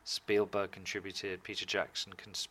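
A man, a guest telling animated, jokey stories in a casual interview. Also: low-pitched, unhurried.

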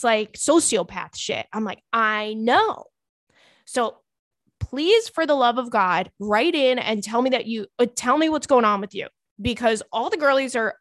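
A young woman hosting a podcast, reading listener emails and chatting in a gossipy, animated way, full of "girl" and "like". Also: on the high side, dry recording. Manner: gossipy, animated, swearing, says "girl" and "like" often. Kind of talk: casual chat.

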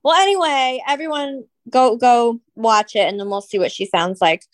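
A woman's voice: fairly high pitch, dry recording. A woman co-hosting a podcast, chatting casually in a sassy, teasing way. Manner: sassy, teasing, quick reactions. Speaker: podcast co-host.

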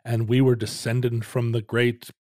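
A man's voice: mid-range voice, little pitch movement, measured pace, a little mellow, dry recording. A middle-aged man casually telling a rambling family story with dry jokes on a podcast.

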